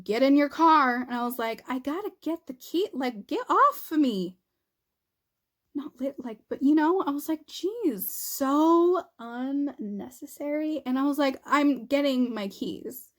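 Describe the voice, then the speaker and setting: A young woman vlogger chatting through a funny story while doing her makeup, acting out what people said and laughing often. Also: high-pitched. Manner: animated, laughing, acts out quotes. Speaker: beauty vlogger.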